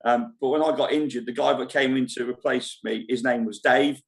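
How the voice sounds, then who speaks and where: A man chats loosely on a live stream from a holiday park club foyer. His pitch sits in the middle range. He rambles, restarts his sentences and laughs easily. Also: fairly even intonation. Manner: chatty, rambling, quick to laugh. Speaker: show host at a holiday park. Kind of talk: casual live-stream chat.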